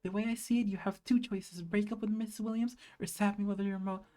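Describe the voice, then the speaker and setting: A blunt, hurt teenage schoolgirl who doesn't hold back her swearing, read out by a woman in her own middle-pitched voice. She speaks like she's confronting her oldest friend. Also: steady tone, a little fast, dark tone, lightly acted. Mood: hurt, angry.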